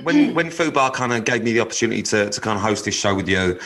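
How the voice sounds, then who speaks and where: Cheeky sweary man, lowish voice. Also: animated, quick pace, a bit bright. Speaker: podcast co-host. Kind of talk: casual chat.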